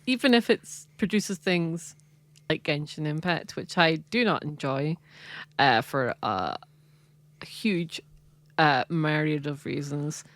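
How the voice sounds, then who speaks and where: Low-voiced woman, chatty. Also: animated, takes it slowly. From Britain. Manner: chatty, restarts a lot, laughs often. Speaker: podcast co-host. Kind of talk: casual chat.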